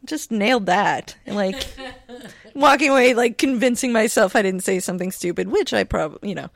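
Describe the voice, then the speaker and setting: A woman's voice: a little high, moderate pace, gravelly, no room sound, studio quality. A woman co-hosting a podcast, chatting casually and telling playful stories with frequent laughs. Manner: giggly, playful storytelling. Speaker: podcast co-host. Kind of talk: casual chat.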